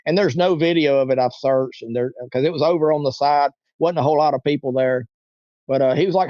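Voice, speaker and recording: A man's voice: fairly high pitch, quick pace, no echo, highs cut off. A man in his forties, a guest telling a long story in a casual, rambling way and now and then acting out the voices of people in it. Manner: rambling, acts out quoted voices. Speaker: interview guest.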